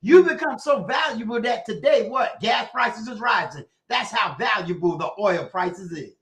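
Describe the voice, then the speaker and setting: A man giving a preacher-style blessing on a livestream, repeating phrases and building to shouts. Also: high voice, animated, moderate pace. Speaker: guest giving a prayer on a livestream.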